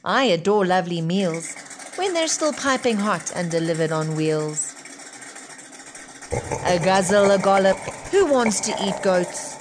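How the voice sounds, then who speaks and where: A woman voicing a hungry, greedy male troll in a storybook read-aloud, speaking loudly and relishing his food. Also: medium pitch, lively intonation, unhurried, noisy background, natural voice. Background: music.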